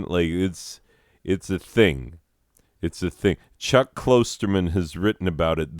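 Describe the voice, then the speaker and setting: A man's voice: low voice, darkish tone, no echo, clean studio sound. A man hosting a solo comedy podcast, rambling and mock-ranting with lots of swearing. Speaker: podcast host.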